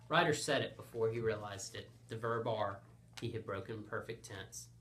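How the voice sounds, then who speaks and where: A man hosting and narrating a comic story with a playful, deadpan delivery. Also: fairly low pitch, moderate pace. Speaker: storyteller host.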